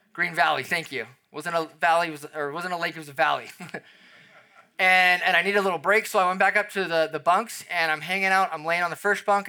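A young adult man preaching a sermon, dropping to a soft emphasis on key phrases and swinging his loudness up and down. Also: high-pitched. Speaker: pastor.

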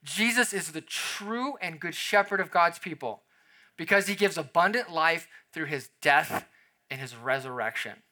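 A man delivers a sermon with a very bright, forceful voice. His tone is animated and conversational, and he acts out small scenes in quoted voices. He sits a little high for a man. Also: a little slow. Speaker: pastor.

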